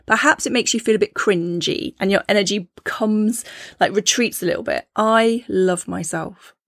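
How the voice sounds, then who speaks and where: A woman's voice: medium pitch, a little fast, a bit bright, dry recording, studio quality. A woman hosting a podcast, explaining her topic in a conversational teaching tone and often checking in with her listeners. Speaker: podcast host.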